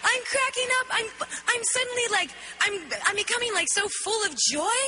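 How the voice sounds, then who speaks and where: A woman giving an animated spoken testimony, acting out her own reactions as she tells the story. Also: very high-pitched, brisk, long reverb tail, background noise. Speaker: worship leader telling a testimony.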